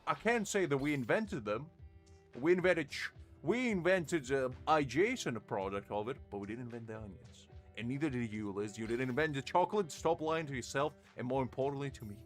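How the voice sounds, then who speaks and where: A man's voice: medium pitch, animated, fairly quick, soft background music. Man bantering in mock outrage. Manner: playfully argumentative, mock-outraged teasing. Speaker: game streamer. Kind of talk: casual live-stream banter.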